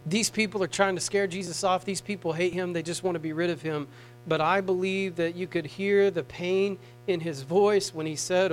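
A man preaching a sermon to a congregation, moving between soft, tender passages and raised, pleading appeals. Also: sits high, normal speed, poor audio. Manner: swings from hushed tender tones to raised pleading.

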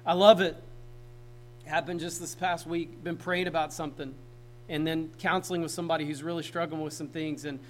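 A man's voice: a little high, slight background noise, poor audio. A man preaching a sermon in a casual, conversational way, often asking the congregation questions. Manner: conversational, talks straight to the congregation. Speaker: pastor.

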